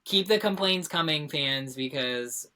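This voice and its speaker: Bright, animated woman co-host. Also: low-pitched, measured pace, slight background noise. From Central Massachusetts. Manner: animated, acts out exasperated quotes. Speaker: podcast co-host. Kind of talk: casual chat.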